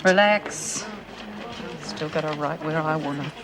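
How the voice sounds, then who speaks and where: A woman's voice: deep voice, unhurried, crowd noise. An actress playing a controlling female inmate boss, talking in a smug, conspiratorial way. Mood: scheming.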